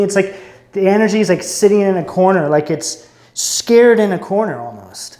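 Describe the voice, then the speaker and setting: A man's voice: high voice, lively intonation, moderate pace, mellow. A man doing an intuitive tarot reading, musing and searching as he talks, often breaking off mid-sentence. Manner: musing, searching, self-interrupting. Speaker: tarot reader. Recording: roomy echo.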